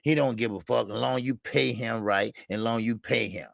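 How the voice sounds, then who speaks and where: Gravelly, profane man ranting about boxing. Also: mid-range voice, fairly even intonation, normal speed, fairly bright tone, no room sound. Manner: profane, heated, repetitive ranting; reads viewer names and Super Chats. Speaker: boxing talk show host. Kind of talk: live-stream call-in rant.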